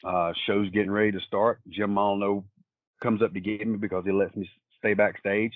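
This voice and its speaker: A very deep-voiced man sits in as an interview guest and tells long, plain-spoken anecdotes. His voice comes through thin and tinny, as if on a phone line, with no room sound around it. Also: flat delivery, brisk, dry recording. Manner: rambling, plain-spoken storyteller. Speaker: wrestler guest. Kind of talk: casual anecdotal storytelling.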